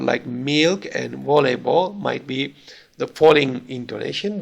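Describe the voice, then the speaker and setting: A man's voice: fairly high pitch, vocal fry. A man giving a recorded university lecture, explaining patiently with frequent fillers.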